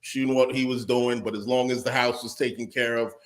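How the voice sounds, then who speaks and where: A man's voice: mid-range voice, level tone, brisk. A man co-hosting a podcast, ranting in casual chat with a profane, emphatic manner. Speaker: podcast co-host.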